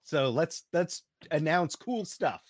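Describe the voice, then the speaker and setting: A man co-hosting a casual group livestream, joking and animated. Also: on the high side, slow pace, no echo, studio quality. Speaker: livestream co-host.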